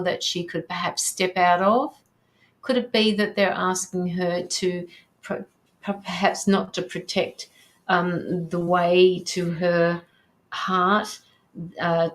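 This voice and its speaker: A woman hosting a live tarot reading, reading viewer comments aloud and reassuring the sitter, with frequent ums and restarts. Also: lowish voice. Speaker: tarot reader hosting a livestream.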